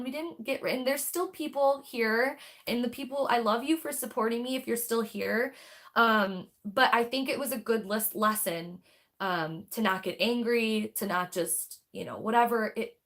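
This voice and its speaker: A woman's voice: fairly high pitch, a bit bright. Candid, rambling woman livestreaming. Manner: rambling and candid, swears freely, responds to viewer comments. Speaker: tarot reader and livestream host. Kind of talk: casual livestream chat.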